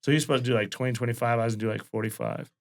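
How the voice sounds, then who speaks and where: A male stand-up comedian from Wyoming, telling profane, animated stories in a casual chat. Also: medium pitch, rapid-fire, vocal fry.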